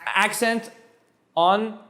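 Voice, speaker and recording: Man, high voice, French mother tongue, animated Spanish tutor, playful, repeats himself. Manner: animated, quick, with playful asides and repeated words. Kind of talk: energetic one-on-one language lesson.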